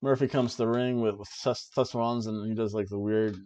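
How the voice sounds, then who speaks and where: A man co-hosts a podcast and casually recaps a wrestling show in an excited play-by-play manner, tossing in jokey asides. His voice sits at an ordinary middle pitch. The recording sounds dull and lo-fi. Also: fairly quick. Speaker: podcast co-host.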